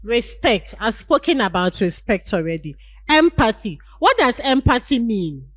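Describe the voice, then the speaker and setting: A woman's voice: fairly high pitch, sing-song, measured pace, dry recording, low-quality recording. A woman giving a university lecture on leadership, acting out everyday scenes and asking the class rhetorical questions.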